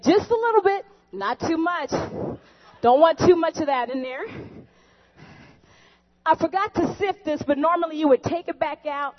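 With a very high-pitched voice at a moderate pace, a woman hosts a comic cooking show skit, chatting and joking directly with viewers. The recording is dull and lo-fi.

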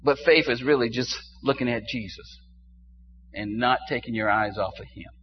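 An older man preaching a sermon to his congregation, dropping low and quiet and then rising into loud exclamations. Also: normal speed. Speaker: pastor. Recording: dull muffled sound with faint hum.

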